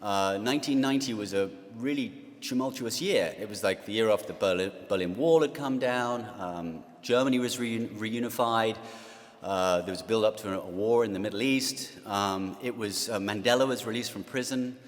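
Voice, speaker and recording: Halting English man speaking in a hall. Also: lowish voice. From England. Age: 40s. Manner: self-deprecating, halting with many fillers. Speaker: guest speaker. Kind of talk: speech to an audience. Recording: long hall reverb.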